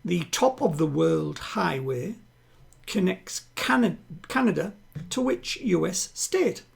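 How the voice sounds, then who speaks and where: A man hosting a live-streamed home quiz, chatting with players and reading each question twice, slowly. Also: high voice, lively intonation, creaky, husky. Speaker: quiz host. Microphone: home streaming setup.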